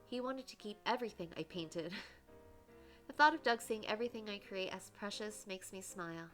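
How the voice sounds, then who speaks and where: Woman narrating a romance game, bright clear tone, gushing asides, soft music underneath. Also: mid-range voice, a little fast. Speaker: let's play streamer reading a dating game aloud. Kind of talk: reading game dialogue aloud with her own comments.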